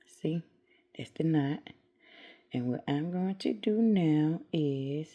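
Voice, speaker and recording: Middle-aged woman, craft tutorial host, casual step-by-step chat, low voice, slow pace. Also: expressive, mellow, dull audio. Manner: chatty, talks herself through each step. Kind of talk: casual how-to narration.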